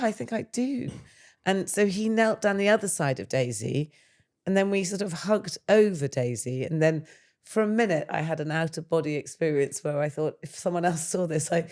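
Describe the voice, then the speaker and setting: A woman, hosting a podcast and telling a family story in a lively, laughing way. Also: sits low. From England. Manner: animated, laughs through her story. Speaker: podcast host. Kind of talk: casual chat, storytelling.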